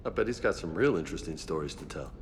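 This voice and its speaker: A man's voice: low voice, expressive, fast talker, creaky, slight background noise. An actor playing a male marine squadmate who banters in an easygoing, teasing way. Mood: relaxed.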